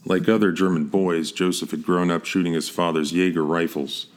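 A man reading a scripted historical narrative in a steady, measured way, with the odd slip and restart. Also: low voice.

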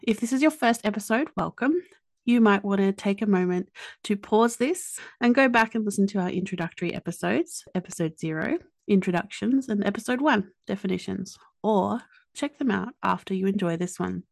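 Aussie woman hosting a chatty podcast, a bit of fry in her voice. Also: mid-range voice, moderate pace, no echo. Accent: Australian. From Australia. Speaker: podcast host. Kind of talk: casual podcast chat and scripted intro.

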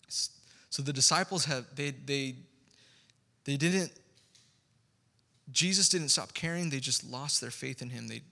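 A fairly high-pitched pastor gives an animated, conversational sermon in a large hall, breaking off now and then for asides to his congregation.

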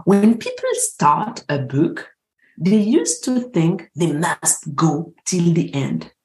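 A woman from France, a mindset coach speaking as an interview guest in earnest, deliberate English. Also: lowish voice, very animated, echoey room. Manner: earnest, deliberate, slightly non-native phrasing. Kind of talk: interview conversation.

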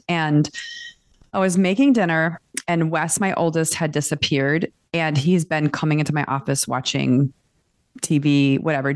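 Woman co-host, candid and personal storyteller, lower voice, dry close mic. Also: no echo. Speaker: podcast co-host. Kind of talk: casual book club chat.

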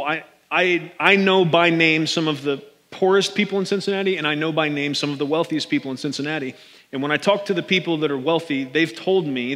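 A man preaching a sermon as pastor, conversational and animated, often calling his listeners "man". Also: fairly high pitch, in a large hall.

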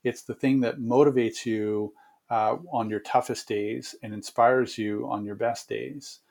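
A man giving long, measured answers as a guest consultant in an interview, with frequent fillers and restarts. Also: mid-range voice, steady tone, gravelly, a little mellow.

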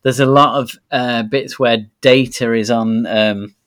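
A man's voice: mid-range voice, steady tone, measured pace, fairly bright tone. A man co-hosting a podcast in casual chat, laughing often and restarting his sentences. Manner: laughing, hesitant with many restarts. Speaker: podcast co-host.

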